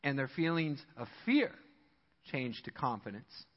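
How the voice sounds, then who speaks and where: A man preaching a sermon as pastor, telling a story in an animated way and laughing often, in a church sanctuary. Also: on the high side, unhurried, big-room sound, dull audio.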